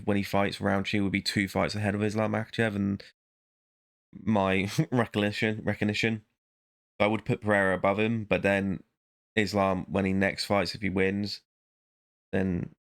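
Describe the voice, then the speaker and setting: A man vlogging in a casual, rambling monologue, talking to himself and breaking off mid-thought. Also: lowish voice. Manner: rambling, self-interrupting, muttering to himself.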